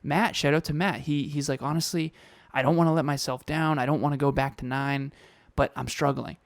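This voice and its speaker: A man's voice: a little high, fairly even intonation, a little fast, vocal fry, no room sound, studio quality. A man co-hosting a podcast in casual motivational chat, emphatic and fond of repeating key phrases. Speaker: podcast co-host.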